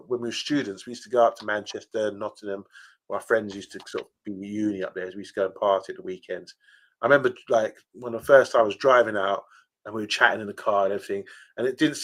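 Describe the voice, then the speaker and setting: A man's voice: fairly low pitch, fairly bright tone. A man co-hosting a casual podcast chat, telling rambling stories full of fillers. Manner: chatty storyteller, rambling with fillers. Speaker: podcast co-host.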